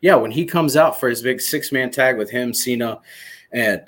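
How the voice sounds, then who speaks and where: A man in his thirties from Michigan, a former soldier, telling a story as a podcast guest in an animated, excited way, swearing freely. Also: medium pitch, moderate pace. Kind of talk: casual storytelling interview.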